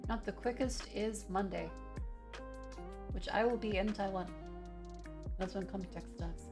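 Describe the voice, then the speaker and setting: A young Australian woman streaming, chatting casually and reading her chat aloud with quick restarts. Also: mid-range voice, music in the background. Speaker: vtuber streamer.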